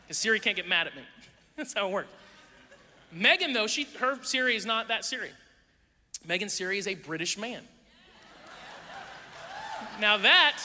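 Man, pastor, high bright voice, lively joking sermon delivery, big reverberant hall. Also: slight background noise. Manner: animated storytelling with jokes to a congregation. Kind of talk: humorous sermon. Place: large hall with a live audience. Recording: live hall with long reverb.

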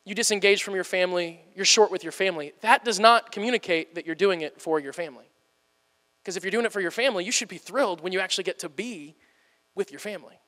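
A young man with a high, light voice delivers a candid, self-deprecating sermon as a pastor. He acts out everyday scenes as he preaches, and his voice carries a long reverb from a large church hall. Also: fairly bright tone.

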